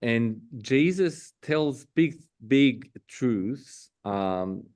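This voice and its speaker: A man with a non-native English accent leading a parish Bible study, reading scripture aloud, with many pauses, fillers and self-corrections. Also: mid-range voice, animated, darkish tone. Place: parish meeting room.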